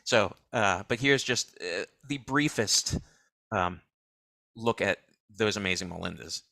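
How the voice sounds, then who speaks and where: Bright, dry-sounding man co-hosting. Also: on the low side, animated, unhurried, gravelly, no room sound. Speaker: co-host. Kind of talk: casual banter.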